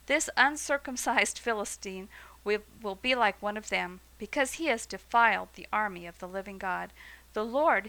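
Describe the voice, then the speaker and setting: A woman voicing the young shepherd David, bold and brave, reading his words earnestly in a bright voice. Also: medium pitch, gravelly, poor audio.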